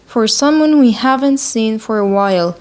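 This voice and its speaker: A woman's voice: on the high side, lively intonation, normal speed, a little mellow. A woman teaching an English lesson, whose first language is Arabic. She repeats phrases again and again for practice. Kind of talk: slow spoken English lesson with repeat-after-me drills.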